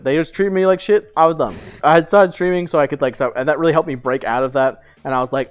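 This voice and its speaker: A man's voice: on the high side, fast, hardly any pauses, clear, resonant tone. A young man streaming, casually telling a long story with lots of "like" fillers, swearing and laughter.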